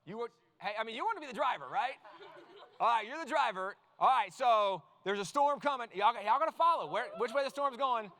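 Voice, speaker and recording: A man leads a youth sermon, reading scripture and then steering volunteers through a playful skit. His voice sits very high for a man and sounds sharp and forward. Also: a little fast. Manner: energetic, playful, directs volunteers on stage. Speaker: youth speaker. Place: large youth event hall.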